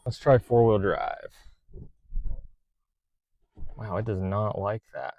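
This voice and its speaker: A man's voice: fairly low pitch, takes it slowly, a little mellow. A man hosting a car-flipping vlog, narrating casually as he works on a truck and thinking aloud with fillers and trailing sentences. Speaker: car-flipping channel host.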